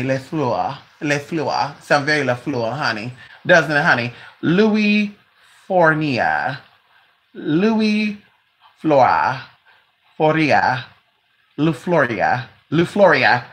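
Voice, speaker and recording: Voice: medium pitch, fairly bright tone. A host chatting casually at home with viewers, calling everyone "honey" and talking to their dog between remarks. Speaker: live-stream host.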